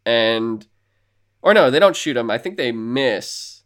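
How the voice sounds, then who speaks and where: A man talks through a film's story in relaxed podcast conversation, his voice sitting at an ordinary middle pitch. He rambles, swears freely and keeps slipping into the characters' dialogue as he retells it. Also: takes it slowly. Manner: rambling, profane, acts out characters' lines. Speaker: podcast co-host. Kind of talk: casual film recap chat.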